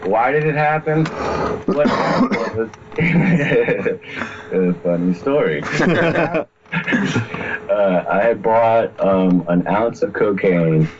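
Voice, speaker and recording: A man's voice: fairly low pitch, lively intonation, very slow, pauses often, dull audio, crowd noise. A man telling a wild personal story in casual chat as a podcast guest, rambling, swearing freely and laughing often.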